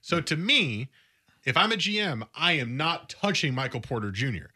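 Radio guy, bright voice, fired up and opinionated about sports. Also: medium pitch, normal speed, breathy edge. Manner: animated, opinionated, emphatic. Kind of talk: casual sports radio talk.

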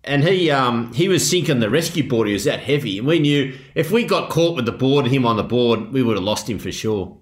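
Easygoing Australian host in an echoey room. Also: male voice, mid-range voice, lively intonation, brisk, hardly any pauses. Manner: easygoing, agreeable, chuckling. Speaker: podcast host. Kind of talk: casual chat. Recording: roomy echo.

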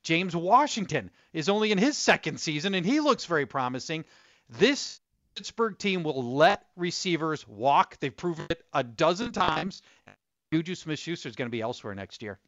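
A male fantasy football analyst calling in by phone, brisk and full of stats with quick restarts. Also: fairly high pitch, very animated, fairly bright tone, no echo. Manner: brisk, stat-heavy, hedging restarts. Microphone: phone line. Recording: muffled phone line.

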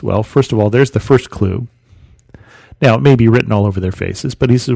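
A man's voice: mid-range voice, a little fast, gravelly, warm tone, dry recording. A man hosting a podcast, teaching through a Bible story in a conversational, storytelling way with rhetorical questions.

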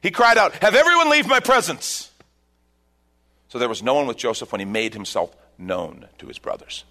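A man preaching a sermon as pastor, telling a scripture story with emphatic bursts and quieter reflective stretches. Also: mid-range voice, breathy edge.

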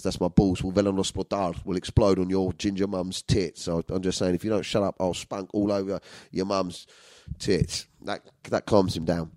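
A man's voice: sits low, fairly even intonation, a little fast, darkish tone, no room sound. A man with a London accent telling rambling, profane stories to his viewers in a casual way. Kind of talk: casual storytelling monologue.

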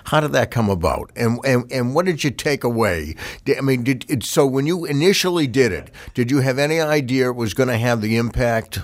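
A man hosting an interview who asks his questions casually and haltingly, restarting them often. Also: medium pitch, animated. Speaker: interview host.

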